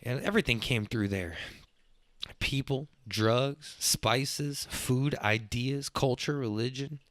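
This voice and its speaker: A young man, hosting a podcast as a rambling, profane monologue that gets louder when he is worked up. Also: medium pitch, takes it slowly, no echo. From Texas. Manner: profane, loose and excitable, swings up when worked up. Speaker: podcast host.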